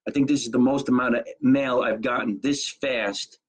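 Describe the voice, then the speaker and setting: A man's voice: mid-range voice, fairly even intonation, normal speed, husky, rough recording. A middle-aged comedian from Jersey City, wisecracking brashly as he hosts a live stream from his apartment kitchen and reads out viewer comments. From Jersey City, New Jersey. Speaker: comedian hosting a live show.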